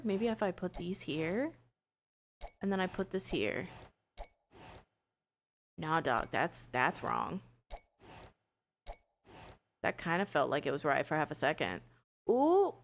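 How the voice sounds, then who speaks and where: A young adult woman streaming a game, chatting casually with viewers, swearing and bursting out excitedly. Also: fairly low pitch. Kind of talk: casual live gameplay chat.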